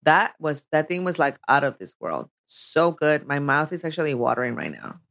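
A woman co-hosting a podcast in casual chat, bubbly and quick to laugh, slipping into Spanish phrases. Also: low voice, big pitch swings, creaky, fairly bright tone. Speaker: podcast co-host.

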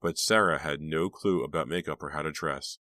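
A man narrating a teen thriller audiobook in a measured storytelling voice. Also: extremely low pitch, pushed and bright, no echo. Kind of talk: scripted narration.

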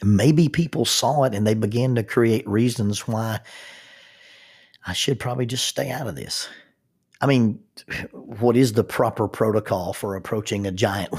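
A man's voice: lowish voice, a little mellow, breathy edge. A man giving a reflective spoken talk, thoughtful, with frequent restarts and rhetorical questions.

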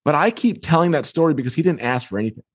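A man, an author being interviewed, telling a story with energy and quoting others in lively voices. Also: on the high side, very fast, slightly rough. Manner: quotes others in lively put-on tones. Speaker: author and guest. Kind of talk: animated storytelling.

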